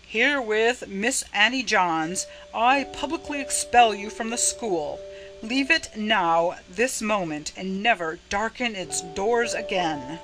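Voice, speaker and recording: A woman reading the lines of a stern male school principal, solemn and slow. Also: mid-range voice, a bit bright, faint music behind, low-quality recording. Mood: thundering.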